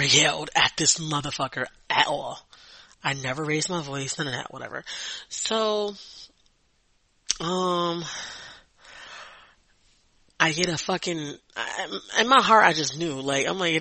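A man's voice: on the high side, normal speed, pauses often, sharp tone, dry recording, low-quality recording. A young adult man hosting a podcast, telling a story in a blunt, profane way and often repeating words as he vents. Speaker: podcast host. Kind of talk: casual storytelling monologue.

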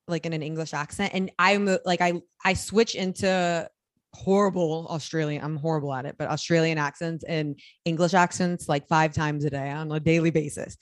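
A woman's voice: deep voice, fairly even intonation, fairly quick, no echo, clean studio sound. A young woman co-hosting a casual chat podcast, telling stories in a chatty way and laughing as she talks. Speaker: podcast co-host.

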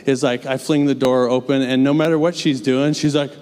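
A man's voice: medium pitch, steady tone, fairly quick, a little mellow, clear, resonant tone. A young adult man preaching a sermon in a church, earnest and conversational, with casual asides. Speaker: pastor. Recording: long church reverb.

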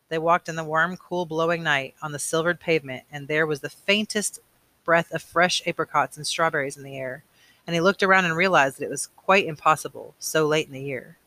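A man reading a novel aloud, unhurried, with casual asides and small slips. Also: a little high, bright, forceful tone, dry recording. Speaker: reader.

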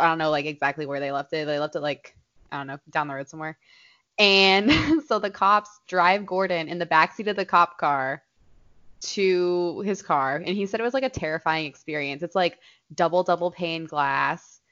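A woman's voice: lowish voice, normal speed, highs cut off. A young woman co-hosting a podcast, telling a story in casual chat and swearing freely. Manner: swears freely, tells stories with lively quoted voices. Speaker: podcast co-host.

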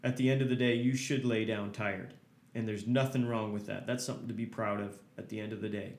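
A man's voice: on the low side, fairly even intonation, a little fast, echoey room. A man hosting a motivational podcast as a hockey coach, talking earnestly and hammering points home with repeated lists.

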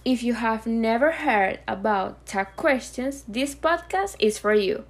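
A woman hosting a grammar podcast, reading clear, carefully scripted explanations. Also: a little high, expressive, measured pace, over music. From Venezuela. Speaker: podcast host teaching grammar.

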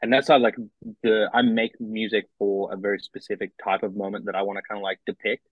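A young Australian musician being interviewed, talking casually and hesitantly, with many restarts and fillers. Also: male voice, lowish voice, level tone, brisk, no room sound. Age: young adult. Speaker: musician guest. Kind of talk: casual chat. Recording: dull, lo-fi dry recording.

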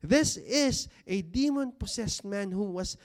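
Preaching to a seated congregation in a church hall, a man speaks in a high-pitched, animated voice. The tone is conversational, punctuated by rhetorical questions, and he slows down to stretch out the words he wants to stress.

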